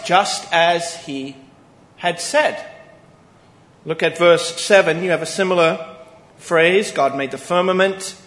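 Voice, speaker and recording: A man preaching a Sunday morning sermon, earnest and emphatic, pausing deliberately on key phrases. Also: a little high, a bit bright. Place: church sanctuary. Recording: echoey church hall with long reverb.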